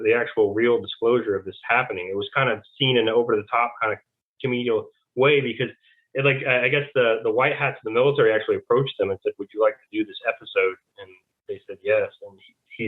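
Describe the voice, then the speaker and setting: A man giving rambling casual testimony as an interview guest, acting out quoted back-and-forth conversations. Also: fairly low pitch. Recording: tinny phone-like line.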